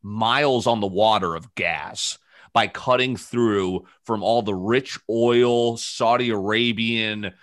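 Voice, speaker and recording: Low-voiced guy hosting a podcast, rambly, jokey, dry close sound. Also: slow, a bit bright, dry recording. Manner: rambling, joking, many fillers. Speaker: podcast host. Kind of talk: casual podcast chat.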